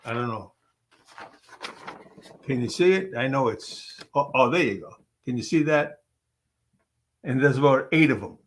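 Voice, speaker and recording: A man's voice: medium pitch, lively intonation, measured pace, pauses often. A man, an actor, telling casual anecdotes on a webcam call, rambling with many fillers and restarts. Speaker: actor guest.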